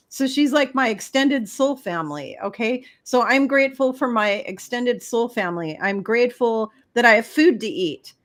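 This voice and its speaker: A middle-aged woman with a fairly high voice gives spiritual advice. She talks straight to the listener in an emphatic, preachy way. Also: a bit bright. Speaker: spiritual guest. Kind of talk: casual spiritual advice talk.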